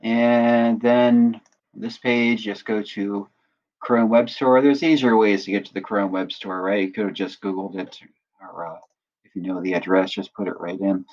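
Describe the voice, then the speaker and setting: A man acting as instructor, patiently walking through a software tutorial and often checking in with listeners. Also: lowish voice, fairly even intonation, unhurried, lo-fi sound. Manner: patient step-by-step explaining, often checks in with "right?". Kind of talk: screen-recorded software tutorial.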